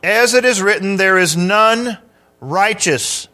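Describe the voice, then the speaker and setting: A man preaching a sermon, teaching through scripture verse by verse, with emphatic pauses and questions to the congregation. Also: sits high, animated, pushed and bright. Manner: measured, with emphatic pauses on key words.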